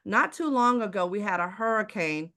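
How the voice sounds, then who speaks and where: A woman's voice: mid-range voice, lively intonation, moderate pace, fairly bright tone. A woman from Houston with a Texan accent, giving a sales presentation to a live chat audience and asking the audience rhetorical questions in a preachy way. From Houston, Texas. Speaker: water filter seller.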